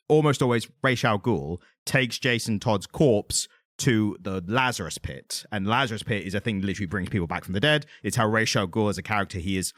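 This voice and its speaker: A man co-hosting a casual comics podcast, retelling plots in an animated, jokey way. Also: lowish voice, no room sound, clean studio sound. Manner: animated, jokey storytelling with restarts. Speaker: podcast co-host. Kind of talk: casual chat about comics.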